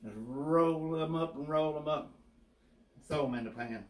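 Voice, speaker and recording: A man's voice: on the high side, measured pace. A man with a Southern US accent giving an easygoing, step-by-step home cooking demonstration in his kitchen. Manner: folksy, easygoing, explains step by step. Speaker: home cook, co-host. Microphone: distant mic. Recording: echoey kitchen with far-off mic and faint hiss.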